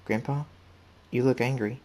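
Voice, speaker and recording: A man's voice: mid-range voice, steady tone, normal speed, warm tone, close to an everyday voice. A man doing Nightlock, a young mare pony. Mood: eager. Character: young female pony, eager granddaughter.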